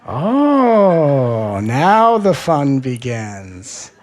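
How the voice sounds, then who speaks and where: Delivering a spiritual lesson, a teacher with a medium-pitched voice is playful and teasing, alternating between loud, eager questions and quiet, unhurried reflection.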